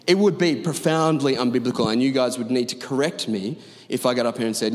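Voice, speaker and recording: A man's voice: mid-range voice, brisk. Pastor, male, mid-range voice, emphatic conversational sermon, big reverberant auditorium. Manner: emphatic, conversational preaching with asides. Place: large church auditorium. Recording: long reverb of a large hall.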